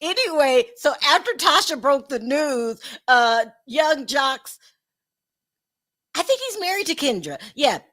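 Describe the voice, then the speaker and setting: A woman hosts a casual gossip show in a fairly high voice. Her talk is chatty and loose, and laughter keeps slipping into it. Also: sing-song, unhurried, a bit bright. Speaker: show host.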